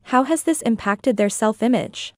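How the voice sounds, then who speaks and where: A woman interviewer reading prepared questions in a measured, clear way. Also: on the high side, no room sound, clean studio sound.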